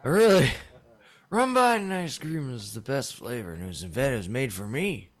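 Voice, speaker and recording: A man's voice: mid-range voice, sing-song, normal speed, close to an everyday voice. A man putting on a rambling, meandering elderly male president who is full of himself. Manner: meandering, self-congratulating.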